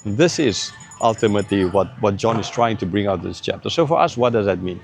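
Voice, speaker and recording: A man's voice: lowish voice, expressive, a little fast, vocal fry, faint music behind. A man giving an earnest, conversational Bible teaching, often checking in with "right?" and "okay". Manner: earnest, conversational, drops into mocking imitations. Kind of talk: informal Bible teaching to camera.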